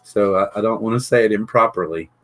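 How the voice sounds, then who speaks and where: A man's voice: lowish voice, brisk, a bit bright, poor audio. A middle-aged man, hosting a live stream and thinking aloud as he unboxes, chatting with and greeting viewers. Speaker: drone channel host.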